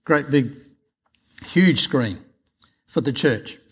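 A middle-aged Australian man, a pastor, telling stories in a chatty, animated sermon. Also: medium pitch, takes it slowly, husky. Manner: chatty anecdotal, animated retelling of dialogue. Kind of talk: sermon storytelling.

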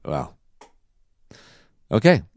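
A man hosting a casual podcast, telling a story in a relaxed, slangy way. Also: drawn-out words, dry recording, clean studio sound. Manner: laid-back storytelling with slang. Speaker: podcast host. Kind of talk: casual chat.

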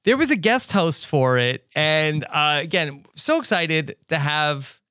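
A man hosting a podcast, chatting casually with wry, low-key remarks about a reality show. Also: animated, a little slow, sharp tone, smooth, dry recording, clean studio sound. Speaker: podcast host. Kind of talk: casual recap chat.

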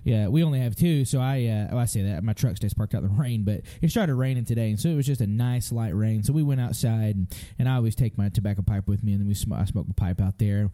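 A man's voice: on the low side, fast talker, few pauses, mellow. A middle-aged man co-hosting a parenting podcast, telling a story in a rambling, folksy way with frequent laughs. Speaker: podcast co-host. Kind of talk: casual chat.

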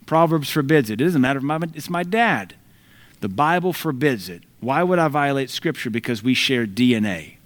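Man, preacher, middle-aged, emphatic sermon delivery, medium pitch. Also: expressive, normal speed. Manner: emphatic, quotes scripture, mimics voices for effect.

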